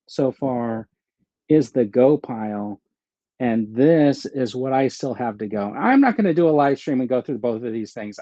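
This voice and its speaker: A man hosting a live stream, talking casually and rambling as he thinks aloud and answers chat. His voice is mellow and relaxed. The audio is dry and a little dull, like lo-fi stream sound. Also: mid-range voice, dry recording. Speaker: host of a live stream about his action figure collection.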